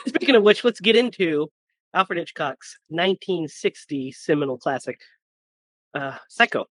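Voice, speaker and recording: A man's voice: fairly high pitch, lively intonation, measured pace, pauses often, a bit bright, no echo. A man hosting a podcast in casual chat, joking and laughing often. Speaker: podcast host.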